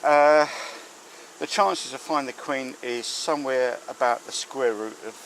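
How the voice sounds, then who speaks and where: A man's voice: medium pitch, measured pace, a bit bright, a little hiss or hum, low-quality recording. A man, a beekeeper giving rambling, filler-heavy commentary outdoors at a hive, recorded on camera. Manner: chatty, rambling with many fillers. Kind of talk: casual hands-on commentary. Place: outdoors beside a beehive. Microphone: handheld or mounted camera. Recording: buzzing bees clearly heard behind. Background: buzzing bees.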